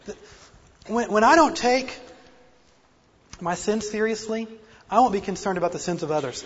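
A man's voice: sits high, normal speed, long pauses, breathy edge. A man preaching a sermon with earnest, self-deprecating emphasis and a slight speech impediment. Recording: dull lo-fi recording in a reverberant hall.

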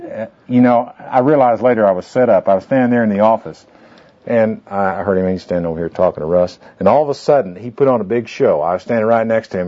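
A man leading a small group through a goal-setting handout, talking in a folksy, rambling way with fillers and asides. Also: fairly low pitch. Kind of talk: informal classroom talk with anecdotes. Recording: dull lo-fi tape recording.

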